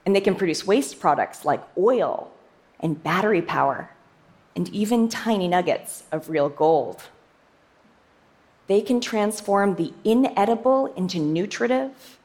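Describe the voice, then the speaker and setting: Woman, young adult, scientist, prepared talk, emphatic, playful, a little low-pitched. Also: a little slow. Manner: lively, emphatic delivery with playful asides.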